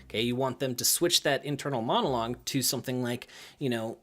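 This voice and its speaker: Speaking at a quick pace, a young gymnastics coach in early adulthood talks to the camera in a relaxed way about coaching. His energy is high, fillers pop up constantly, and he mimics children in raised voices.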